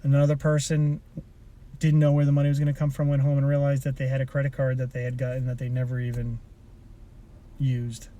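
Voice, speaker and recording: A man's voice: mid-range voice, completely flat delivery, brisk, mellow. A man who coaches people in personal development, telling a motivational story in a rambling, casual way from inside a car, often restarting his sentences. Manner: rambling, with frequent restarts and asides.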